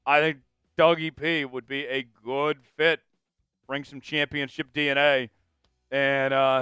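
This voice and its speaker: A man hosting a live sports stream, laughing often and breaking into loud chants with viewers. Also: on the high side, smooth, no echo. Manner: rowdy, laughs a lot, bursts into loud chants. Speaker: sports show host.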